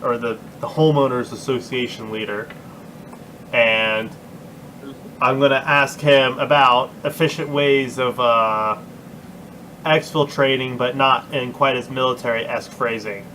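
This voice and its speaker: A man's voice: medium pitch, fairly even intonation, unhurried, sharp tone, slight background noise, poor audio. A man playing a tabletop game online, talking casually and restarting his thoughts mid-sentence. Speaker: player.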